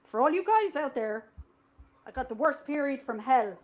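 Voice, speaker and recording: A woman's voice: high-pitched, normal speed, poor audio. A woman chatting casually as an interview guest, telling a story with lots of swearing and acting out what people said. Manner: animated, swears freely, acts out quoted dialogue. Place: live stream conversation.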